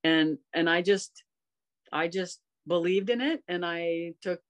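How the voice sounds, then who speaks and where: Speaking slowly in a lowish voice, a woman in her fifties guests on a podcast. She coaches golf, and in this casual conversation she recounts personal stories in a heartfelt, earnest, rambling manner.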